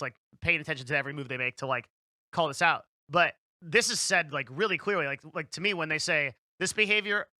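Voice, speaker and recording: A man's voice: sits high, bright, forceful tone, no echo. A young man giving casual commentary, rambling with many restarts and fillers.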